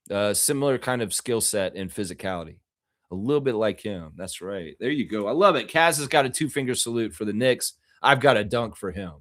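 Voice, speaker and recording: A man hosting a live basketball podcast, chatting and joking in an animated way with his viewers. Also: on the low side, no echo, studio quality. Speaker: host of a basketball podcast livestream. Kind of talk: casual live commentary and chat.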